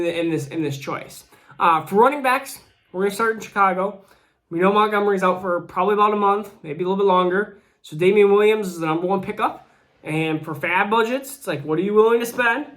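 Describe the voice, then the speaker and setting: A man's voice: high voice, a bit bright. A man in his thirties, a channel host, giving casual solo fantasy football commentary while out of breath from recovering, rambling with many restarts. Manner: rambling, frequent restarts and fillers.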